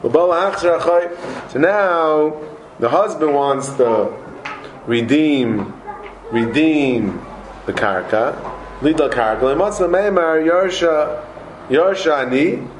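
A man giving a Talmud class lecture, animated, repeating words and joking with his students. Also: on the high side, slow, a little hiss or hum. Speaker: Talmud teacher. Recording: roomy echoey room.

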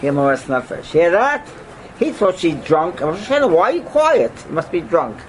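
Animated older man, Torah class lecture, somewhat high for a man, swooping pitch, rhetorical questions, sudden loud outbursts. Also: fairly quick, slight background noise, poor audio. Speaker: rabbi teaching a class.

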